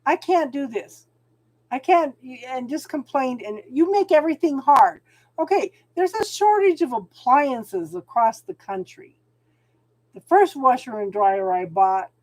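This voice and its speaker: A woman's voice: fairly high pitch, darkish tone. A middle-aged woman hosting a spiritual channel, chatting casually on a livestream and talking to viewers by name.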